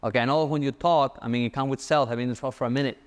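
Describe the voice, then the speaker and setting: A young man giving a casual sales-coaching talk, fast and animated, repeating his key points. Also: medium pitch.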